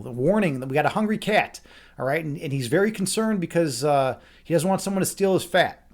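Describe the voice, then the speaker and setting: A man's voice: a little high, lively intonation, a little fast. A young man reading a fairy tale aloud on a stream, breaking off into rambling, incredulous asides. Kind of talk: casual read-aloud with commentary.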